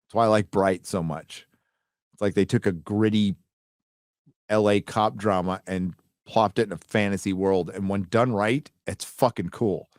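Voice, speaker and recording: A man with a fairly low voice chats casually as a livestream host, rambling and dropping the odd curse word as he reads donations. The sound is dry and close, with almost no room around him. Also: steady tone, normal speed, darkish tone, dry recording. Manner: rambling, loose, profane.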